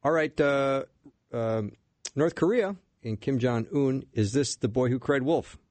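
A man hosting a political radio talk show, briskly leading the segments and saying "uh" often. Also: medium pitch, a little mellow, no room sound.

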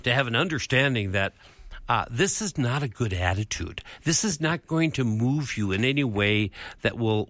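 A man's voice: mid-range voice, a bit bright, no echo, clean studio sound. A man as a Christian counselor guest on a faith talk show, speaking in a straightforward, earnest way and stretching words for emphasis.

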